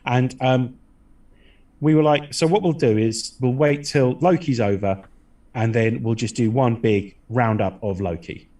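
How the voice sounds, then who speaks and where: Bloke gushing about tv, swears a lot, sits a bit back from the mic. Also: male voice, medium pitch, unhurried, mellow, recorded from a distance. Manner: enthusiastic, swears casually. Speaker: podcast co-host. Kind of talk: casual podcast chat.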